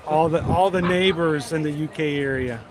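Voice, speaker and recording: A man's voice: on the high side, normal speed, a crowd in the background. A man hosting a casual live stream from a theme park, chatting and reading out viewers' names and hometowns. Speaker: livestream host.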